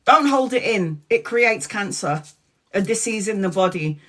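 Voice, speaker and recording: A woman's voice: mid-range voice, expressive, measured pace, a bit bright. Woman tarot host on a casual live stream, blunt, swears, laughs a lot, acts out the voices.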